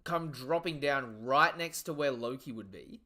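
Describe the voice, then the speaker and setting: A man giving excited, profanity-laden live commentary while reading through a comic chapter and chatting to viewers. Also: mid-range voice, a little slow. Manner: excitable, swears freely; reads the panels aloud as he goes. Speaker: live reaction streamer. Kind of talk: casual live reaction commentary.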